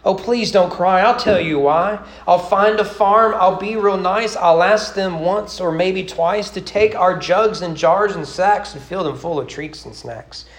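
A woman's voice: on the low side, unhurried, few pauses, pitched above the performer's own voice. A man reading a rhyming poem aloud and voicing a loyal, devoted young widow. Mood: earnest. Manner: rhyming sing-song recitation. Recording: roomy church sanctuary.

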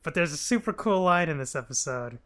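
A man co-hosting a podcast, recapping a TV show in casual chat, laughing often and acting out characters in quick quoted lines. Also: on the high side, animated, fairly bright tone. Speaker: podcast co-host.

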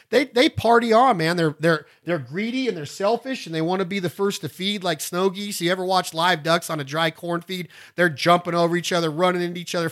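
Folksy man, bright high voice. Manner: folksy and rambling, breaks into loud duck calls. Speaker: podcast host and duck calling instructor. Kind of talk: casual instructional talk.

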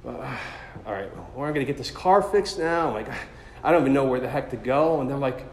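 A man telling a personal story as a sermon, in an animated, self-deprecating way. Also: medium pitch, fast, a little hiss or hum. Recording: echoey hall with long reverb.

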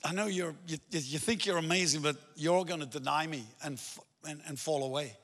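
A man voicing a solemn male teacher who delivers a grave warning in a quiet voice. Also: fairly high pitch, brisk, voice pushed down. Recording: long hall reverb.

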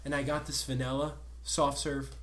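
A man with a South Jersey accent rants his way through a story on a casual podcast, loud and full of swearing. His voice is bright and forward, and it swings from mock-calm to near shouting. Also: medium pitch, normal speed, echoey room. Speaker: podcast co-host.

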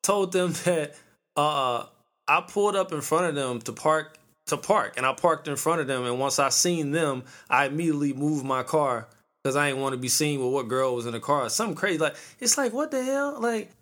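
A man's voice: fairly high pitch, normal speed, fairly bright tone. A man in his thirties hosting a podcast, ranting casually in a profane, slangy storytelling way. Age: 30s. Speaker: podcast host.

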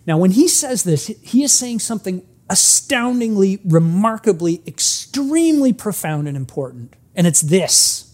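A pastor giving an earnest sermon, slowing down for emphasis and acting out a story. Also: mid-range voice, sing-song, a little mellow. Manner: earnest, emphatic, acts out stories; frequent restarts, slows for emphasis.

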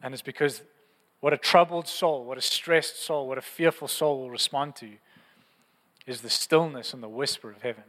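A man's voice: mid-range voice, moderate pace, a bit bright, long reverb tail. A man preaching a sermon in an earnest, passionate, conversational way, often repeating phrases. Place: church.

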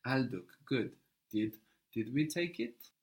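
A man leads a language lesson at an even middle pitch. He prompts his learner, then repeats each answer slowly and patiently. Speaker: language teacher.

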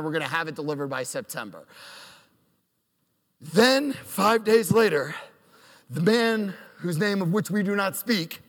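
A man's voice: high-pitched, fairly bright tone, big-room sound. A man in his thirties telling a self-deprecating story on stage, acting out quotes. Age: 30s. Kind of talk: live storytelling.

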